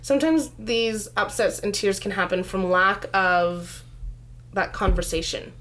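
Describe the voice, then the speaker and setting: A woman's voice: medium pitch, measured pace, a bit bright. A woman giving parenting advice in a casual chat, conversational with frequent fillers. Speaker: parenting discussion co-host.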